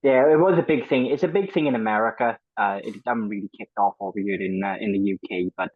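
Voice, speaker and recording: A man's voice: on the low side, quick pace, no room sound, narrow, tinny audio. A man in his thirties, a guest telling his story in a plain, conversational way. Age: 30s. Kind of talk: casual storytelling interview.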